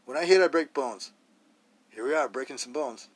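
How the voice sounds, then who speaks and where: A man's voice: medium pitch, normal speed, husky. A man hosting a solo podcast, talking bluntly and rawly in a rambling way, full of rhetorical questions. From Idaho, US. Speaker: podcast host.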